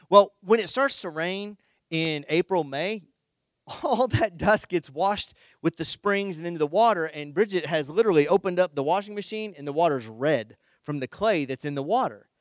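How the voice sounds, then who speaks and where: A middle-aged man, a pastor, preaching a conversational sermon and telling a personal story in an animated, humorous way. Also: high voice, moderate pace, no echo.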